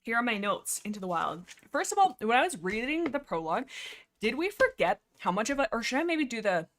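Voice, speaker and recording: A woman's voice: on the high side, very animated, fairly quick, fairly bright tone, a little hiss or hum. A young woman hosting a casual livestream chat, rambling in a giggly, self-deprecating, slightly nervous and breathless way. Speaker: livestream host.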